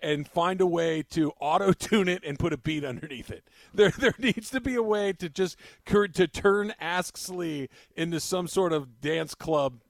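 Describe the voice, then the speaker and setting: A man hosting a sports radio show, animated and laughing often as he banters. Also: a little high, unhurried, few pauses, dry recording, studio quality.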